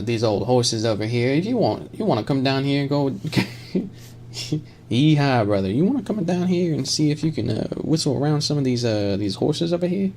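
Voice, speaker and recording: A man's voice: mid-range voice, a little mellow, close to an everyday voice. A man putting on a folksy cowboy voice that drawls and hesitates, over noticeable background noise.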